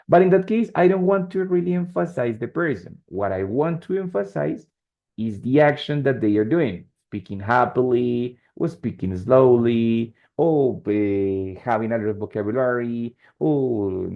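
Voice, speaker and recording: A man teaches English on a video call. His voice is gravelly and mid-pitched, and the audio is dull and lo-fi. He talks things through patiently, dropping in "right?" and "yes?" as he goes. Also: lively intonation. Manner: explains slowly with many checks like "right?" and "yes?". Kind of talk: online English lesson.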